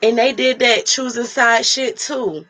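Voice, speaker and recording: A woman's voice: fairly high pitch, measured pace, sharp tone. A woman talking straight to her vlog audience, bluntly and profanely, telling a heated personal story while she crafts a wreath. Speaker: vlogger. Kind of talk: casual vlog rant.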